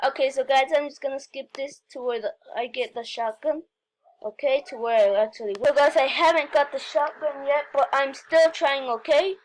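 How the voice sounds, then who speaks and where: A woman giving excitable gameplay commentary, talking straight to viewers and often breaking into squeals and repeated cries. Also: high-pitched, moderate pace. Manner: talks straight to viewers, frequent "okay, guys". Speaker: gaming video host.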